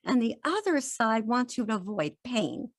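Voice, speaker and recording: A woman's voice: on the high side, moderate pace, no echo, studio quality. A woman guest on a podcast, talking in an earnest, encouraging way and acting out little quotes in conversation. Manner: earnest, encouraging, animated quoting. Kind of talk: casual interview chat.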